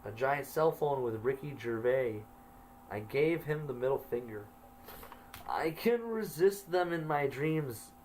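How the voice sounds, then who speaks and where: A man's voice: medium pitch, expressive, measured pace, darkish tone, a little hiss or hum, poor audio. A man telling his own story, reading his old journal entries aloud and adding wry asides. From Canada.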